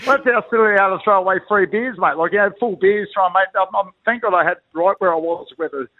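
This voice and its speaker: A middle-aged Australian man, once a rugby league player, phones into a radio show as a guest, spinning slangy, rambling, blokey yarns full of restarts in a casual interview. His voice is high and quick with no echo, carried over a tinny, dry telephone line.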